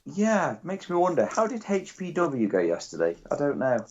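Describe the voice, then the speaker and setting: Joking man, wildly swinging pitch. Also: huge pitch swings, moderate pace. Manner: crude, joking, storytelling. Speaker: podcast co-host. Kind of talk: casual banter. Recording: dull lo-fi sound.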